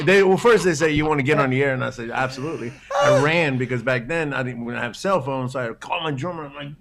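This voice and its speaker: A man's voice: medium pitch, fast, creaky, hardly any pauses, fairly bright tone. A man telling loose, swearing stories in a casual podcast chat, often laughing as he talks. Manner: laid-back, laughing storyteller, swearing freely. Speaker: guest guitarist.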